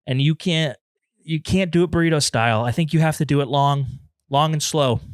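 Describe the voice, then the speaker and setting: In a dry, studio-quality recording, a medium-pitched man hosts a comedy podcast by himself from his apartment. His improvised monologue rambles and pokes fun at himself, occasionally turning emotional.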